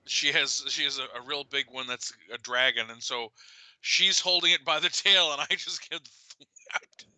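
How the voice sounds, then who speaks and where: A middle-aged man co-hosting a casual chat show, animated and laughing as he tells a story. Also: on the high side, normal speed, clean tone, dry recording, poor audio. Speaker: co-host.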